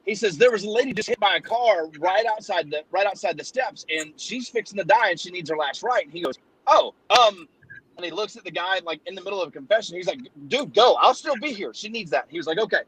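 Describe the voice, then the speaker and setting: A man's voice: sits high, expressive, fast, fairly bright tone, slightly rough, no echo, low-quality recording. A man telling a long joke in casual chat, rambling and acting out the characters' voices. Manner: rambling storyteller, acts out voices.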